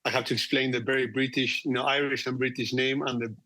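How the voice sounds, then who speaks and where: A man's voice: mid-range voice, little pitch movement, quick pace, pushed and bright, no room sound. A man in his forties with an Argentinian accent, a guest talking about his career with many "you know" fillers. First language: Spanish. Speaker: guest executive. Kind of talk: conversational interview.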